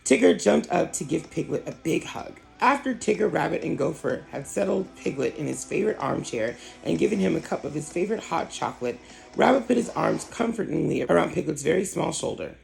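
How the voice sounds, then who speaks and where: A channel host reading a children's storybook aloud with expressive narration. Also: mid-range voice, fairly quick, creaky, a little hiss or hum, low-quality recording. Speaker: storybook reader.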